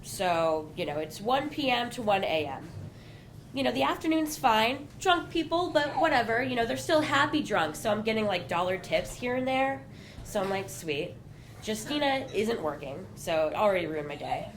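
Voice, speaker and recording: Young woman, fairly high voice, casual live storytelling, self-mocking asides, stage mic. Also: slight background noise. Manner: conversational, self-mocking, full of "you know" and "like". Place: small bar venue with live audience.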